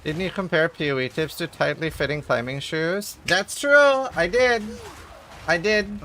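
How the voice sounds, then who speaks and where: Bright-voiced joking game streamer, a man. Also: fairly high pitch, a little slow, slight background noise. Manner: joking, chatty, laughs often. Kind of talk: casual game-streaming chat.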